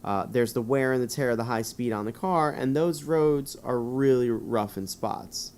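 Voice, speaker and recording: A man's voice: mid-range voice, moderate pace, a little mellow, a little hiss or hum, lightly acted. Man reading an earnest female rally co-driver. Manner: read plainly, with no accent put on.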